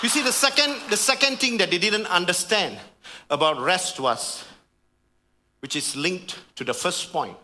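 A man preaching a sermon with a high, bright voice. He is fervent and calls out to his congregation, dropping his voice low and then lifting it for emphasis. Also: animated, measured pace. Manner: fervent, swings from hushed to raised emphasis. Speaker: pastor.

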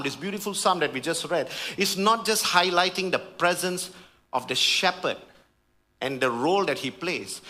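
Fervent high-voiced male preacher. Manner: fervent, swings from hushed to raised emphasis; calls out to the congregation. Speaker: pastor. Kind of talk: sermon.

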